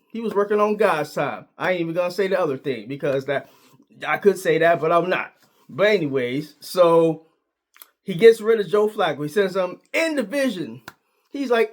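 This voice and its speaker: A man giving a casual, emphatic sports opinion monologue, full of slang and repeated points. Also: high voice. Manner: emphatic, repetitive, slangy, argumentative. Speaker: sports commentator.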